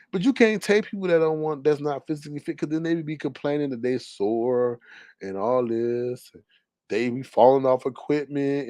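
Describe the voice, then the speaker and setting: A man rants indignantly on a live talk stream, drawling in an animated, casual way. His voice stays at an ordinary middle pitch, swinging between loud outbursts and low mutters. The recording is dry and close.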